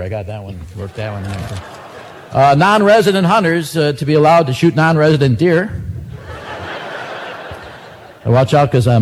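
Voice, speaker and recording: A man's voice: medium pitch, darkish tone, slight background noise. A man doing a stand-up monologue of joke news headlines, dry and self-mocking between the punchlines. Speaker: comedian.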